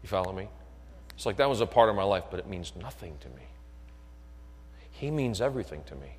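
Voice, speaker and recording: A man's voice: low voice, very animated, brisk, husky. Preaching man in an echoing hall. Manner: builds from quiet talk to shouted fervor; asks the crowd if they are listening. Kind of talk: sermon. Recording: long echo of a hall.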